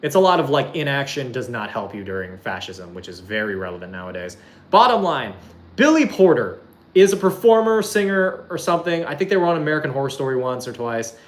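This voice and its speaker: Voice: medium pitch, sing-song, a little fast. A streamer chatting casually to their viewers, rambling, swearing often and filling every sentence with "like". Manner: laughs while describing a clip. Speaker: streamer talking to chat.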